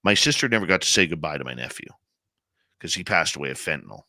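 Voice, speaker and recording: A man's voice: very deep voice, sing-song, quick pace, bright, forceful tone, no echo, studio quality. A male radio host, emotional and heartfelt as he shares a personal story in conversation. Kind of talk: conversational interview.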